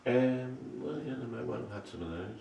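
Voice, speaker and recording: A man's voice: mid-range voice, fairly quick, creaky, reverberant, recorded from a distance, very noisy. A pipe maker giving short, laid-back answers in his showroom.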